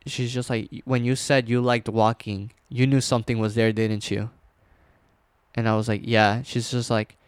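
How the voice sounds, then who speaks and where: A young man casually telling a scary personal story, rambling with fillers and restarts, dropping to a hush at tense moments. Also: medium pitch, clean tone, no echo.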